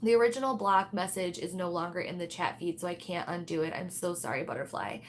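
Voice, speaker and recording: A woman's voice: lowish voice, fast talker, slight background noise. Candid, rambling woman livestreaming. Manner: rambling and candid, swears freely, responds to viewer comments. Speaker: tarot reader and livestream host. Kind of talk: casual livestream chat.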